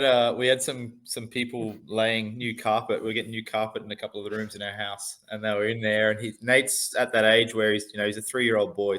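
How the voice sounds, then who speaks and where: A man's voice: lowish voice, a bit bright. A man and father, a podcast guest, talking casually in a hesitant way with many restarts. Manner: hesitant, full of fillers and restarts. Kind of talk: casual chat.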